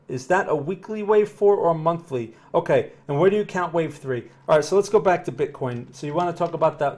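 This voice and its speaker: A man's voice: a little high, darkish tone. Northern New Jersey man explaining charts. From New Jersey, USA. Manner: conversational, explanatory, often checks "does that make sense"; upbeat when greeting viewers. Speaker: trading analyst streamer. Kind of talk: live-stream market analysis.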